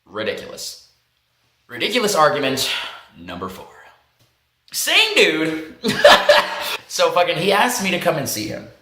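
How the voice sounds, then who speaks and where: A man casually telling stories to camera, animated and profane, laughing often and acting out what others said. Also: on the high side, measured pace, long pauses, echoey room, slight background noise. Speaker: vlog host. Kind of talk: casual storytelling monologue.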